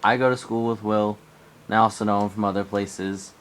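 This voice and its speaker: A teenage guy with a slight cold rambles through a camping story in a lowish voice. His quoted bits jump up with energy, and a faint ambient hiss sits under a low-quality recording. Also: fairly even intonation, brisk, a bit bright. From Arizona, US. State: coming down with a cold. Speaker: vlogger. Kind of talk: casual storytelling.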